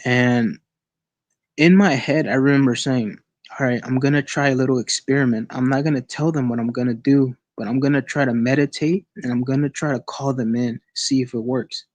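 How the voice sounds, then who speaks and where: A man sharing a personal experience as a guest on an online call, in a casual, halting way with many restarts and repeated words. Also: medium pitch, steady tone, a little mellow, no echo.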